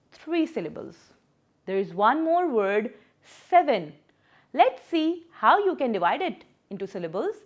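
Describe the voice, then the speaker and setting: A woman teacher walks young pupils through a lesson. Her voice sits a little high and rises and falls with animated energy. She stretches words out slowly, clapping them apart syllable by syllable. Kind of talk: children's English lesson.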